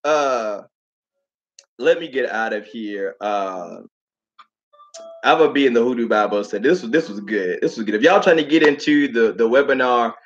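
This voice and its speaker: A man hosting a casual livestream talk, telling stories with lots of repeated phrases and animated asides. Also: medium pitch, lo-fi sound. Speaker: host.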